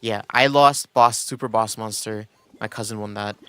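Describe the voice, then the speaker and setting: A man's voice: on the low side, steady tone, normal speed, bright, forceful tone, clean tone, dry recording, soft background music. A young man streaming and chatting casually, rambling with lots of restarts and quoted asides. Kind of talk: casual chat.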